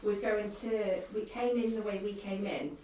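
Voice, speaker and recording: A woman's voice: mid-range voice, steady tone, normal speed. A woman chatting casually and coaxingly calling out to spirits while ghost hunting. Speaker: paranormal investigator. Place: abandoned farmhouse indoors. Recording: echoey room from far off, faint hiss.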